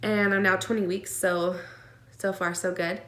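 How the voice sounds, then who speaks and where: A woman speaks to her camera in a casual vlog, recounting a personal story. Her delivery is earnest and emotional, full of fillers and nervous little laughs, at a middle pitch. The room around her is echoey. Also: flat delivery, unhurried, a bit bright, a little hiss or hum. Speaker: vlogger sharing her twin pregnancy.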